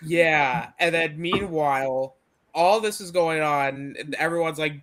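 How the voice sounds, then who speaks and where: A man's voice: on the high side, measured pace, fairly bright tone. A man co-hosting a casual review chat, retelling scenes in a rambling way with some swearing. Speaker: co-host.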